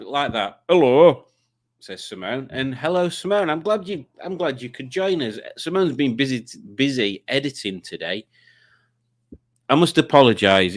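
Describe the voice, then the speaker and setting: A man hosting a live quiz stream, chatting casually and teasing, with many stumbling restarts. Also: medium pitch. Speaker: livestream host. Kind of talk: casual chat reading comments.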